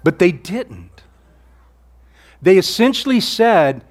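A man preaching a sermon, earnest and conversational, asking rhetorical questions and sometimes dropping his voice low for emphasis. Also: animated, normal speed. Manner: earnest preaching, rhetorical questions, drops to near-whisper on key lines. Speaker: pastor.

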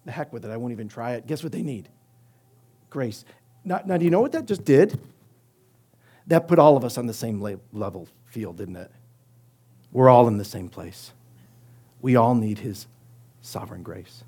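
A middle-aged male pastor preaching a sermon, emphatic, using rhetorical questions and swinging between loud and soft delivery. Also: medium pitch, animated, unhurried, pauses often, slightly rough.

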